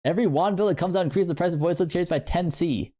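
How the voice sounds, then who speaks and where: A man's voice: high voice, fast talker, mellow. A young man streaming games, chatting casually to his viewers in a rambling, playful way with lots of fillers. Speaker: game streamer. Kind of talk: casual livestream chat.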